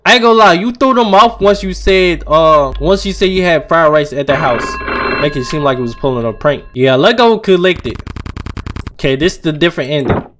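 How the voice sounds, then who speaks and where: A young man, playing a horror game and talking his viewers through it, switching between low muttering and loud frightened shouts. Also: expressive, brisk, noisy background. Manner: swings from low mumbling to loud panicked shouts, reads on-screen text aloud. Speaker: gaming channel host. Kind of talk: horror game let's play commentary.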